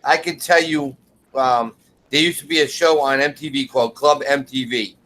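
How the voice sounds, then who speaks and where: A man from the northeastern US chatting as a panelist, telling stories in an animated way. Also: medium pitch, normal speed, slight background noise. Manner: animated storyteller. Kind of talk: casual group chat.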